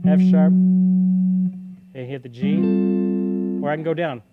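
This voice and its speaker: A man's voice: on the high side, takes it slowly, phone-quality sound. A man hosting a casual live-stream guitar lesson, talking loosely and counting beats aloud while he plays. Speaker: guitar teacher and livestream host. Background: guitar playing.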